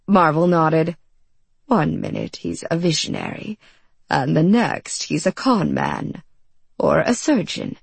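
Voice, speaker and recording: A woman narrating a fantasy audiobook in an expressive storytelling manner. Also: sits low, takes it slowly, creaky, husky, no room sound.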